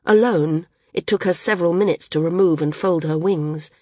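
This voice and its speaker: A woman reading a novel aloud as an audiobook narrator, in a measured, unhurried storytelling manner. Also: fairly low pitch, darkish tone, dry recording, clean studio sound. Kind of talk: scripted narration.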